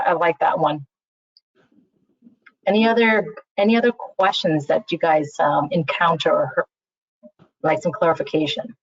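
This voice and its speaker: A woman recruiter talks through interview advice in a loose, conversational webinar style, often saying "you know" as she goes. Her voice sits a little low. The audio is slightly muffled and dry, like a video call. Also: no echo. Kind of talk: webinar talk on interview skills.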